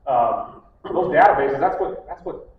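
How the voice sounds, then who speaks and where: A man's voice: medium pitch, animated, a little slow, a little hiss or hum. A middle-aged man giving a casual conference talk, blunt and full of stories, acting out the people he quotes. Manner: blunt, storytelling, acts out quotes. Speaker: conference speaker. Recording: echoey hall from far off, phone-like.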